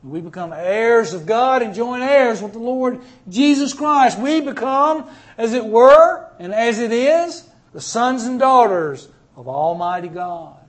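A man preaching a sermon. He speaks emphatically, with sudden swings in loudness and repeated words. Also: very high voice, expressive, unhurried, hardly any pauses.

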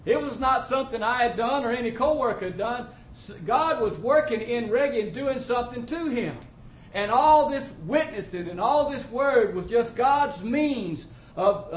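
Before his congregation, the man tells his testimony in folksy country speech, his very high-pitched voice lively in intonation and moderate in pace. The recording has a roomy echo, faint ambience, and a little hiss or hum.

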